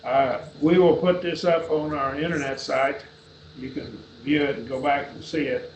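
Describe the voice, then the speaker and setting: A man's voice: mid-range voice, steady tone, moderate pace, a little hiss or hum. A man teaching a Bible class, explaining step by step and often checking with "okay?". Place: church classroom. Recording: echoey, distant, dull classroom recording.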